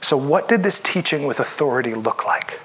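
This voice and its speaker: A man preaching a sermon in a relaxed, conversational way, often acting out the voices of the people he quotes. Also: mid-range voice, moderate pace, breathy edge. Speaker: pastor.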